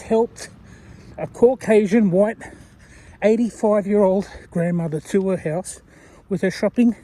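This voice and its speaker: A man's voice: high voice, darkish tone. A man chatting in a rambling, wandering way while he walks, talking to a channel owner he admires. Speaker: viewer sending a video message. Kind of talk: rambling casual monologue.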